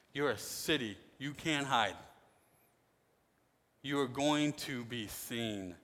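A man preaching a sermon as pastor, emphatic, swinging between loud declarations and quiet asides. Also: medium pitch. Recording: long hall reverb.

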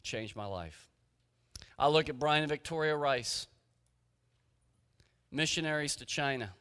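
Guy preaching, tells stories, kinda high bright voice, long hall reverb. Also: measured pace, clean tone. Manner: storytelling, retelling conversations. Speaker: pastor. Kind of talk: sermon.

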